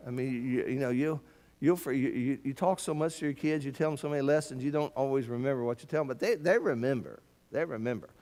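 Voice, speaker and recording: A man's voice: mid-range voice, quick pace, darkish tone. A man teaching a Bible class at church, earnest and emphatic, often stumbling into repeated words as he restarts his sentences.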